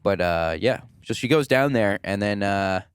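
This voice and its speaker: A young man co-hosting a podcast, telling a film's plot in a relaxed, chatty way. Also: fairly low pitch, normal speed, clear, resonant tone, no room sound. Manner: relaxed storytelling with fillers. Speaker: podcast co-host. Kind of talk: casual movie review chat.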